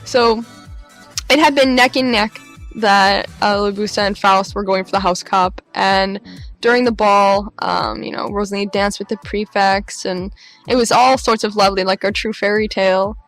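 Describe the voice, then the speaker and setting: A young woman vlogger telling an excited story, acting out the voices of the people she quotes with big jumps in pitch. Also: normal speed, soft background music.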